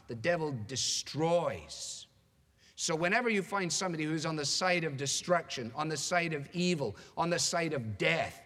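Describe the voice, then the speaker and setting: A man preaches a sermon in an emphatic, rhetorical style, building his points through repetition. His voice sits a little high for a man. The sound rings with the long reverb of a large hall. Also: a bit bright. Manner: emphatic, dramatic pacing with slowed stressed phrases; repeats phrases for rhetorical build.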